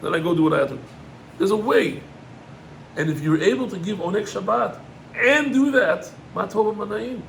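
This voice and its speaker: A middle-aged man, a rabbi, gives an animated Torah lesson, climbing in pitch on emphatic points and mixing in Hebrew terms. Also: normal speed, gravelly, slight background noise, poor audio.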